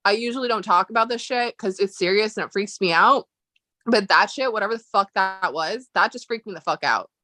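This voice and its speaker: A woman's voice: mid-range voice, a little fast, bright, forceful tone, no echo. A woman hosting a casual live-stream chat. She feels unwell, speaks bluntly, and swears freely. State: feeling unwell.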